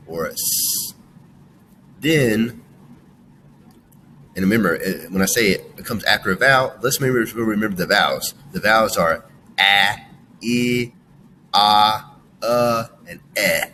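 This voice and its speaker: A man teaching a phonics lesson to children, slowly sounding out words with exaggerated emphasis. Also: lowish voice, a bit bright, slight background noise.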